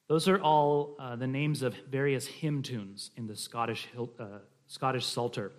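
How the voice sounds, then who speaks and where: A man's voice: mid-range voice, steady tone, a little slow, hardly any pauses. A man teaching a church class on family worship, talking in a conversational, explanatory way with frequent restarts and fillers.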